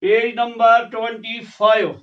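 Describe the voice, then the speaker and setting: Man, classroom teacher, reads and explains, repeats phrases, high voice, distant lo-fi recording. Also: flat delivery, slow pace. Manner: reads lines aloud then explains them plainly, repeating phrases. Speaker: English teacher. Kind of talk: classroom lecture reading and explaining a text. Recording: dull lo-fi sound, voice off the mic.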